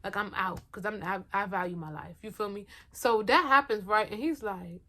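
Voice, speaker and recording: A young woman telling a personal story to her viewers in a casual, slangy, animated storytime style, talking straight to the camera at home. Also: mid-range voice. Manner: animated, talks fast, heavy slang, addresses viewers directly. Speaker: vlogger.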